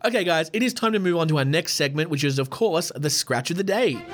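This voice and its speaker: A man hosts a podcast in a loose, rambling way, chatting casually and swearing freely. His voice is on the high side, with lively intonation and a quick pace.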